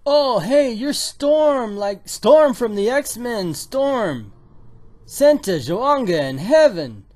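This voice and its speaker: A man's voice: sits high, very animated, slow, pitched above the performer's own voice, full character voice. A man voicing a brash young superhero woman with a surfer accent, pushy and impatient.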